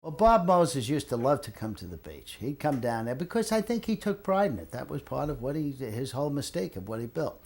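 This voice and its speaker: An older man recalls his days as a lifeguard in a relaxed, conversational way. He slips into other people's voices as he tells his stories, and his voice sits at an ordinary middle pitch. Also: brisk, few pauses. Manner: animated storyteller, acts out quoted voices. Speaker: retired lifeguard interviewee. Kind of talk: storytelling reminiscence.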